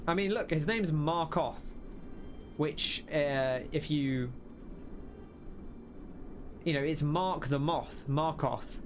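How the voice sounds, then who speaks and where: Against slight background noise, a young man with a fairly high-pitched voice speaks slowly, leaving long pauses. Hosting a let's play, he muses casually over the game, rambling and interrupting himself as he considers what he sees.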